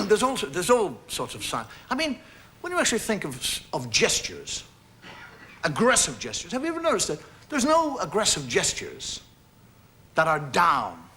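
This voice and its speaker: A man's voice: high voice, wildly swooping pitch, moderate pace, bright, forceful tone, slight background noise. A man doing a stand-up comedy monologue, chatting playfully and acting out everyday gestures for a studio audience.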